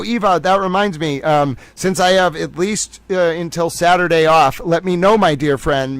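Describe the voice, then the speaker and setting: Man, livestream host, playful rambling chat, slightly high voice, dry close sound. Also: dry recording, rough recording. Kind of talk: casual chat reading viewer comments.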